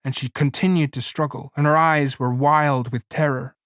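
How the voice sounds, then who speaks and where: A man narrates a story in a measured, plain reading voice. His pitch sits in the middle range. The recording is dry, close to the mic, with no room sound. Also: fairly even intonation, fairly bright tone, dry recording. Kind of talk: audiobook reading.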